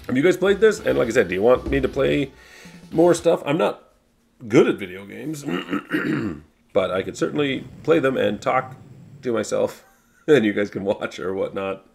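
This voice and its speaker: A man's voice: medium pitch, lively intonation, a little slow, creaky, soft background music. A man giving loose, rambling commentary while playing an old arcade game, swearing casually and joking about himself. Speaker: YouTube host playing a game.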